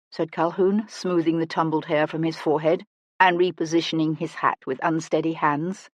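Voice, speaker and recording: A woman narrating a historical mystery audiobook in an expressive storytelling manner, close to the mic. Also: sits low, normal speed, no room sound.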